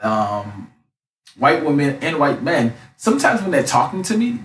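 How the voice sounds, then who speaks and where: Loud, passionate young man, echoey room. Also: medium pitch, slight background noise. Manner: frequent tag questions. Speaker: life coach. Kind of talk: casual monologue. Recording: roomy, mic at a distance.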